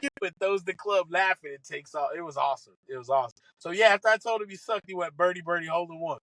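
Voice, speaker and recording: A man telling stories from his caddying days in an animated way, acting out what other people said. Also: high-pitched, no echo, low-quality recording. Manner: fast, excitable, acts out other people's quotes. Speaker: podcast guest, former caddy. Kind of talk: animated storytelling.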